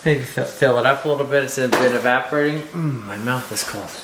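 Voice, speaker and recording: A man chatting casually on a vlog in a relaxed, offhand way. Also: mid-range voice, fairly quick. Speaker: vlog co-host. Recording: roomy sound with clear background noise.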